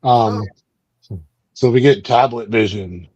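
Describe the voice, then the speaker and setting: A man's voice: on the low side, a little slow, a little mellow, husky, dry recording, dull audio. A man hosting a book club, casually recapping a comic book in a rambling way with lots of fillers. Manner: rambling, loose, many fillers.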